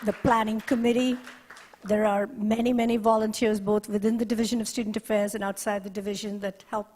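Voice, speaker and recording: A woman directing a university resource center, giving an earnest, measured ceremony speech with deliberate pauses. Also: medium pitch, flat delivery, a little mellow, long reverb tail. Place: ceremony hall.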